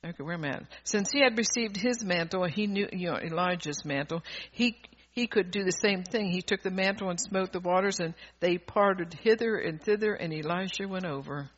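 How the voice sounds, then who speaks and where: A man preaching a sermon, fervent and rambling, who swings from soft asides to loud calls to the congregation. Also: high-pitched, normal speed, few pauses. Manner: rambling, with restarts and laughter. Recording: dull lo-fi recording.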